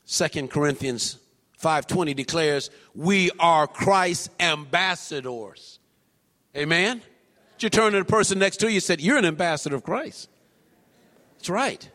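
A man preaching a sermon in a church, swinging from low murmurs to high, shouted calls. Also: expressive, unhurried, big-room sound. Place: church sanctuary.

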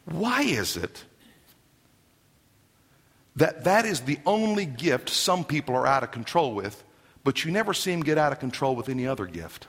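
A man preaching a sermon in an emphatic, animated way, with joking asides to the congregation. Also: medium pitch, moderate pace, long pauses, breathy edge, long reverb tail. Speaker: pastor.

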